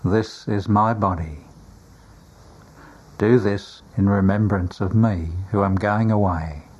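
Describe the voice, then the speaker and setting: A man voicing a gentle, grieving Jesus in a solemn, tender manner. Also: fairly low pitch, steady tone, slow, husky.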